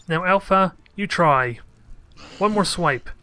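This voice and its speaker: A man with a bright, forceful voice that sits a little high. He talks through his own strategy game in a casual let's-play commentary, thinking aloud as he plays and throwing joking remarks at his troops. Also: moderate pace. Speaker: gameplay commentator.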